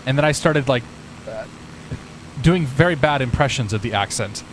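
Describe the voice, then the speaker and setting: A man's voice: medium pitch, animated, moderate pace, slight background noise, low-quality recording. A man streaming a flight simulator, chatting casually with viewers and thinking aloud.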